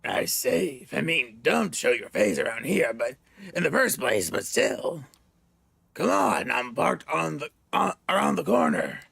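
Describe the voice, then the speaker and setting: A man voicing a gruff, gravelly old male vampire detective in a game, curt and grumbling. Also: a little high, sing-song, a little slow, a bit bright, no echo, heavily acted.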